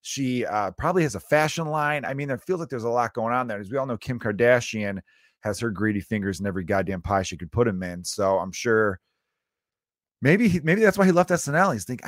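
A man's voice: medium pitch, animated, a little fast, no echo, clean studio sound. A man in his thirties hosting a podcast, rambling through casual comedic commentary with crude asides and frequent self-interruptions. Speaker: podcast host.

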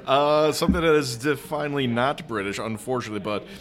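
A man appearing as a podcast guest in a pub, full of wisecracks and dry sarcastic asides. His voice has an ordinary middle pitch. He keeps the chat loose and casual. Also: fast. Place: upstairs room of a pub.

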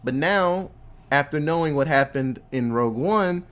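A man hosting a casual chat, retelling a movie plot in animated, profane storytelling. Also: fairly high pitch, moderate pace.

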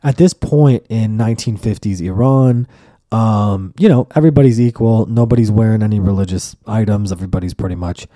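A man's voice: lowish voice, a little fast, no room sound, clean studio sound. A young man hosting a podcast, telling a rambling, profane, comedic story and acting out the people in it. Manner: profane, rambling, animated storytelling with acted-out quotes. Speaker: podcast host.

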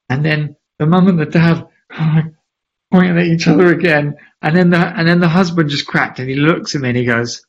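A man, a charity founder and interview guest, telling a lively anecdote and acting out the voices of the people in it. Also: a little high, moderate pace. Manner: lively, acts out quoted voices, laughs often. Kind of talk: animated anecdotal storytelling. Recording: slightly dull lo-fi audio.

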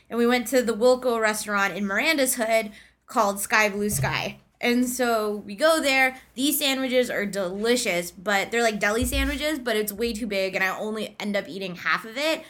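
Casting: young woman podcast co-host, high bright voice, animated casual storytelling. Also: normal speed. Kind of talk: casual chat.

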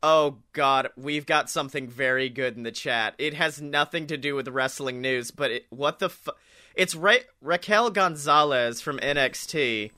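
A young man co-hosting a casual chat show, joking, swearing and slipping into quick impressions. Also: mid-range voice, bright, forceful tone. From Alabama, US. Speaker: podcast co-host.

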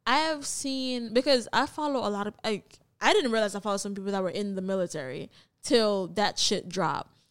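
A woman's voice: medium pitch, moderate pace, clear, resonant tone. A young woman co-hosting a podcast, talking bluntly and emphatically in casual chat, swearing freely. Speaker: podcast co-host.

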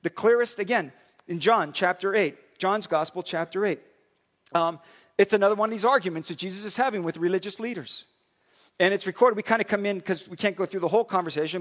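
A man preaching a sermon, conversational and animated, often repeating words as he builds his point. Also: high-pitched, fast talker. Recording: long hall reverb.

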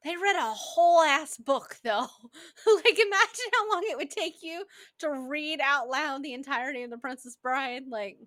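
A woman with a high voice chats casually about a film as a podcast co-host. She laughs often and drops into playful voices to quote lines. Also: lively intonation, normal speed, a bit bright. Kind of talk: casual movie reaction chat.

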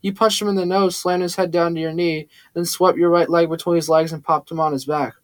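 A man's voice: a little high, fairly even intonation, a little fast, no room sound, natural voice. A cool, commanding woman, read by a man. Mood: impressed. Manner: cool and cold.

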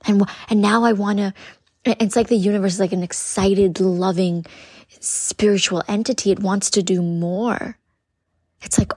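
A woman's voice: medium pitch, fairly even intonation, normal speed, mellow, slightly rough, no echo, clean studio sound. A woman podcast host giving an earnest spiritual coaching talk, repeating phrases and speaking directly to her listeners.

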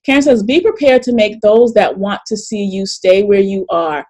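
A middle-aged woman hosting a live online workshop over a video call, chatty and animated, often laughing and reading chat comments aloud. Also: mid-range voice, moderate pace. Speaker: coach and webinar host.

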